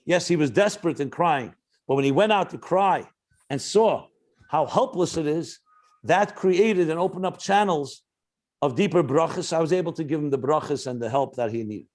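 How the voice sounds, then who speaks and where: A rabbi with a voice a little higher than most men's gives a spoken Torah class at a moderate pace, his tone a little mellow. He is earnest, weaves stories into the teaching, and often restarts sentences as he thinks aloud.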